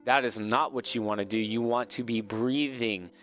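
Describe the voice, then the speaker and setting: A man hosting a live trading stream in a casual, earnest, coaching tone. He talks at an average pitch, circles back to his points and repeats phrases as he speaks. Soft music plays faintly behind him. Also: fairly even intonation, moderate pace. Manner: earnest, motivational, repeats himself.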